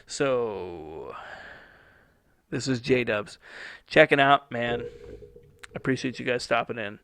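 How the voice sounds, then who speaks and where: A man's voice: mid-range voice, vocal fry, a bit bright, dry recording. A man hosting a podcast alone from a studio, talking in a laid-back, rambling way with casual swearing. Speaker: podcast host. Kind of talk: casual solo podcast talk.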